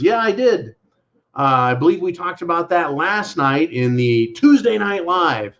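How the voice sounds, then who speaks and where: With a slightly high, fairly bright voice that swings widely in pitch, an American man hosts his own channel at a slightly slow pace over dull audio. His political commentary is sarcastic and mocking, full of repeated catchphrases, and he calls listeners folks.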